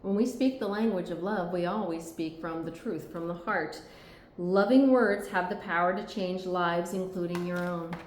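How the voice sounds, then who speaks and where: A woman's voice: lowish voice, normal speed. A woman giving a tarot reading, talking earnestly and reassuringly and often checking in with "okay?". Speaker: tarot reader. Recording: echoey room.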